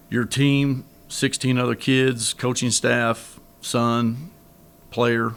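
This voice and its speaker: A man's voice: lowish voice, creaky, a bit bright, slight background noise. A middle-aged man, a head basketball coach, answering reporters at a press conference in a candid, rambling way with many restarts.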